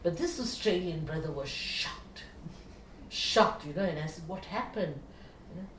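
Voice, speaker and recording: Animated woman, echoey room. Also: fairly low pitch, moderate pace. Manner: animated, frequent "you know" fillers. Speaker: meditation teacher. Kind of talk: spiritual storytelling talk. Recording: echoey room, distant mic, faint hiss.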